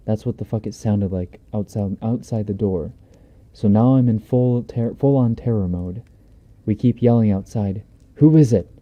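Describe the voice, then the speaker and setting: A man with a low, very dark, mellow voice reads a horror story in an easygoing, swear-laden, conversational manner. He sits close to a binaural mic, and the stream audio sounds a little dull and lo-fi. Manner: laid-back, profane, conversational delivery. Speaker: streamer reading horror stories. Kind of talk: casual horror story reading. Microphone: binaural dummy-head mic.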